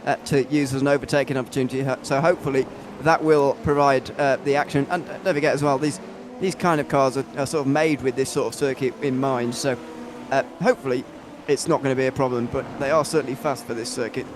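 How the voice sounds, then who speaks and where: A hoarse man co-commentating a sim race, talking in a flat monotone with many fillers. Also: mid-range voice, fast, background noise.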